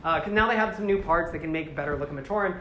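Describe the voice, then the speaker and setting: Man, high lively voice, excitable storyteller, echoey room, faint hiss. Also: rapid-fire. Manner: acts out characters in exaggerated voices, excitable. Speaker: podcast host recapping a franchise. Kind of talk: animated casual retelling.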